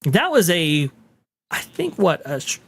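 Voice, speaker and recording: A podcast host chatting casually on a livestream, halting and giggly with many restarts. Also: medium pitch, very animated, a bit bright, slightly rough.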